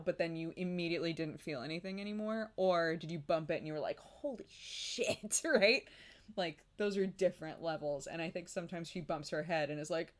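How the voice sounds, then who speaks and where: A young woman streaming, chatting casually with her audience, laughing often and mimicking babies' cries. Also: sits low.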